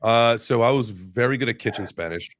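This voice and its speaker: A man's voice: medium pitch, brisk, a bit bright, no room sound, studio quality. A man hosting a podcast, talking loosely with lots of fillers and the odd swear word. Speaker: podcast host. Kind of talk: casual podcast conversation.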